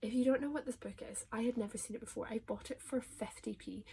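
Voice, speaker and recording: A young-sounding woman chats through her book favourites, her voice light, higher than most and very airy. She gushes and stumbles over her words, and often lets the emotional parts drop to a hushed whisper. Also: steady tone, fast talker, gravelly, slightly rough. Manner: gushing, emotional, often trailing into soft whispers. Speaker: book reviewer. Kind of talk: casual vlog review.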